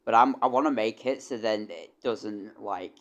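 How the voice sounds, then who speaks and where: Rambling young streamer. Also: male voice, lowish voice, normal speed, fairly bright tone. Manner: rambling, stammering restarts, swears casually. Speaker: streamer and composer. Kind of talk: casual livestream chat.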